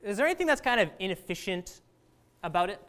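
A woman's voice: mid-range voice, big pitch swings, fast talker, fairly bright tone. A woman teaching a class in a casual, conversational lecture, often asking the students questions.

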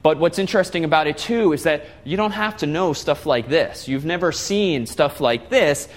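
A man's voice: on the high side, normal speed. A man giving a classroom lecture, explaining step by step and putting questions to the class.

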